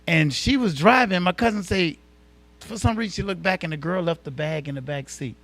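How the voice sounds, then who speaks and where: A male talk show co-host telling a story in an animated, colloquial way. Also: high voice, a little fast.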